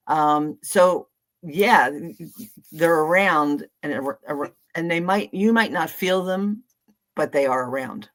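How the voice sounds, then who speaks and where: A woman doing card readings on a live stream, reading affirmations aloud in a calm way. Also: low-pitched. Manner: calm, reads affirmations slowly. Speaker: card reader. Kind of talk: casual chat and reading aloud.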